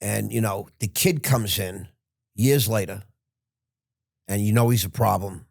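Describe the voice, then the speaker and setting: A man's voice: fairly low pitch, measured pace, gravelly, breathy edge, no echo, clean studio sound. A man in his sixties, a podcast guest, telling a rambling, frank story with restarts and the odd curse word. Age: 60s. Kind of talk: casual interview storytelling.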